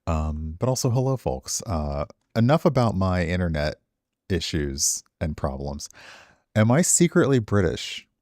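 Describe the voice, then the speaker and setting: A middle-aged man with a very low voice rambles easily to his viewers, poking fun at himself as he goes. His voice is recorded dry and close, with no room sound. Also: sing-song, a little slow, darkish tone, dry recording. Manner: rambling, self-deprecating, chatting to viewers. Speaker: streamer. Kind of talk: casual stream chat.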